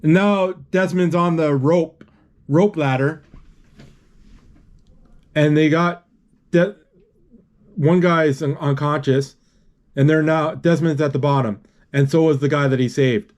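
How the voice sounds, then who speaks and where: A man retelling a film scene by scene in an unscripted, halting way, with many restarts and spoken sound effects. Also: fairly high pitch, fairly even intonation, a little mellow.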